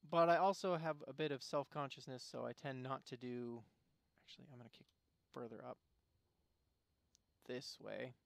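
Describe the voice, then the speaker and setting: A man talks his way through a gameplay stream, rambling from thought to thought and breaking off mid-sentence. His voice sits at an everyday middle pitch and sounds close and dry, with no room around it. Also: steady tone, normal speed, gravelly, no echo. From Arizona, USA. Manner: rambling, musing, self-interrupting. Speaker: game streamer. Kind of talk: casual gameplay commentary.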